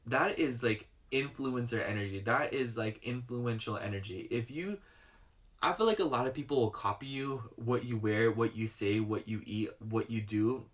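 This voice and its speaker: Man, casual tarot reader, talky and rambling, relaxed everyday voice. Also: medium pitch, moderate pace. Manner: chatty, rambling, fillers like "you know"; murmurs softly while shuffling and pulling cards. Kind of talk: casual pick-a-card tarot reading.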